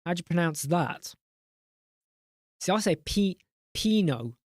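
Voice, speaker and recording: A man's voice: high-pitched, unhurried, no echo, clean studio sound. A man hosting a casual live chat, rambling and joking, reading out viewer names in a mock-exasperated way. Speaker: live stream host.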